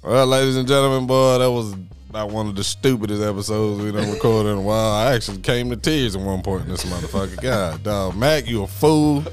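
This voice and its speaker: A man's voice: lowish voice, fairly quick, hardly any pauses, soft background music. A man co-hosting a podcast in casual banter, joking and teasing with profanity. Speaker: podcast co-host.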